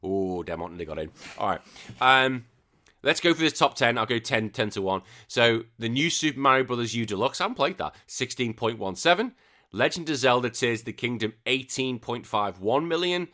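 A young man hosting a casual gaming news podcast, excitable and swearing freely, often trailing off into quiet asides. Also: medium pitch, a little fast. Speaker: podcast host.

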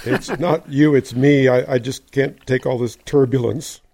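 A man co-hosting a podcast, trading puns in casual chat with a deadpan delivery. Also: mid-range voice, moderate pace, gravelly. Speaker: podcast co-host. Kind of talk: casual pun-swapping chat.

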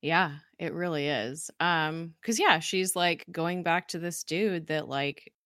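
A woman with a low voice talks through a TV episode in loose, chatty recap, peppering her speech with fillers and laughter. The sound is dry and close, with no room around it. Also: slow, fairly bright tone, no echo. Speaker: podcast co-host. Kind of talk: casual recap chat.

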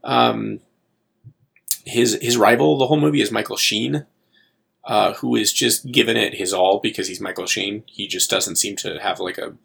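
Gravelly, deadpan man reviewing movies. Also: on the low side, normal speed. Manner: wry, deadpan, exasperated. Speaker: podcast co-host. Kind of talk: casual movie review chat.

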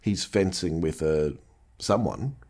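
A man hosting a podcast in casual chat, with wry, deadpan joking. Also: sits low, takes it slowly. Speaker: podcast host.

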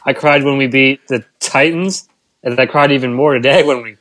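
Dude co-hosting a podcast, middle voice, rambly, laughs a lot. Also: male voice, mid-range voice, moderate pace, fairly bright tone, no echo. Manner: rambling, laughs often, emotional storytelling. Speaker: podcast co-host. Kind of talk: casual podcast chat.

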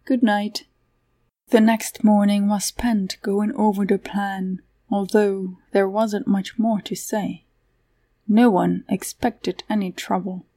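Woman narrator, slow unhurried reading, mellow dark tone, fantasy audiobook. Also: mid-range voice, flat delivery. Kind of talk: scripted fantasy narration with character voices.

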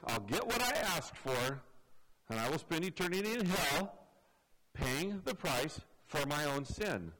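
Man, pastor, sermon, earnest, high voice, bright tone. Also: poor audio. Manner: earnest, drops low for emphasis.

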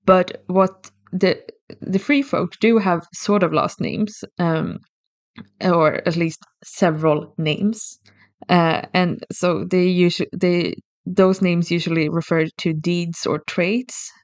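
Slow and steady in tone, this middle-register voice belongs to a podcast co-host explaining a subject carefully and step by step, often starting phrases over. There's no room sound; the recording is dry and the conversation casual.

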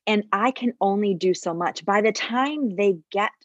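Husky woman, former labor nurse. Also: medium pitch, normal speed, no echo, dull audio. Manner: storytelling, restarts and repeats words, animated when quoting. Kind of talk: casual conversational podcast.

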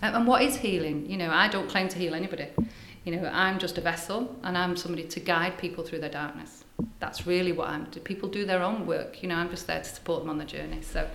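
Older woman healer, animated storyteller with a bright voice, recorded in a roomy space. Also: lowish voice, fast, hardly any pauses, slight background noise. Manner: animated, breathy storyteller, drops to hushed asides. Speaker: spiritual healer, guest. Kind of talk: casual storytelling interview. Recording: echoey room.

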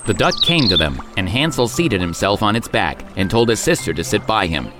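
Man, storybook narration, expressive lilting delivery, music playing clearly behind. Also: lowish voice, a little fast. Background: background music.

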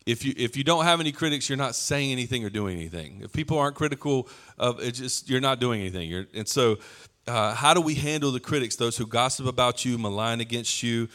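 A man preaching a sermon in a conversational tone. His voice sits at an ordinary middle pitch. He keeps it easygoing and breaks into playful little acted-out asides. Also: lively intonation, fast, fairly bright tone.

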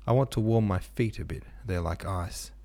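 A man voicing a young woman who pleads, wheedles and turns furious, in a gravelly reading voice. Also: low-pitched, normal speed, mellow. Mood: coaxing. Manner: wheedling, then spiteful.

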